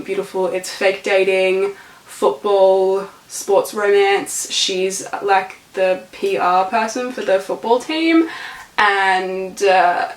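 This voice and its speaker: A young woman vlogging casual book reviews, gushing and calling every book stunning and beautiful. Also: medium pitch. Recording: echoey room.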